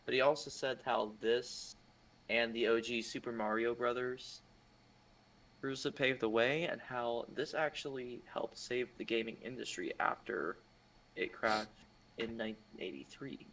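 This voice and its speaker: A man's voice: mid-range voice, unhurried, fairly bright tone, poor audio. A man chatting loosely on a livestream, reading out viewer comments with many fillers. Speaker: co-host reading chat. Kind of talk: casual livestream chat.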